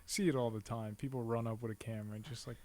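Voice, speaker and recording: A man's voice: medium pitch, steady tone, fast, a little mellow. A man hosting a podcast, making casual chat with short, laid-back replies. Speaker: podcast host.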